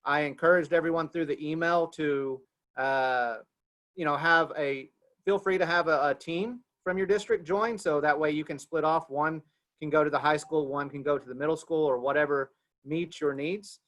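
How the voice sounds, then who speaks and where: Man, Oklahoma accent, webinar host on a video call, slightly high voice, folksy and repetitive. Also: moderate pace, fairly bright tone. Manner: loose, repeats himself, folksy. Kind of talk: casual announcements on a video call.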